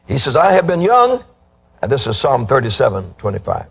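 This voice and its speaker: Husky-voiced older male preacher. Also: mid-range voice, huge pitch swings. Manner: emphatic, drawn-out delivery; reads scripture aloud. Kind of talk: sermon.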